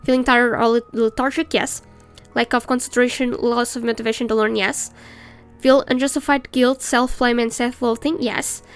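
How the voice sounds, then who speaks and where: A woman's voice: fairly high pitch, fairly even intonation, normal speed, smooth, faint music behind. A woman streamer chatting casually and ranting while she reads game text aloud. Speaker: let's play streamer.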